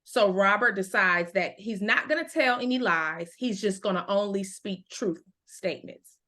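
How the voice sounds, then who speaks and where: A woman's voice: medium pitch, expressive, bright, forceful tone. Woman reading aloud and explaining to learners. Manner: slow, clear teacher explanations with check-ins. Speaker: ESL book club teacher.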